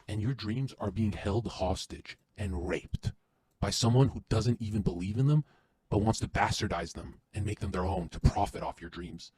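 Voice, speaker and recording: A man guesting on a podcast, delivering an intense, profane motivational rant that swings from loud to hushed. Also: on the low side, normal speed, breathy edge, no echo.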